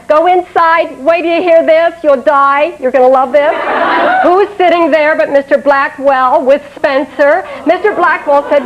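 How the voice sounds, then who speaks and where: Animated woman guest telling a story. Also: sits high, measured pace. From Indiana, USA. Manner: animated storyteller acting out quotes. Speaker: talk show guest. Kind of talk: casual talk show chat. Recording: dull TV broadcast with hiss.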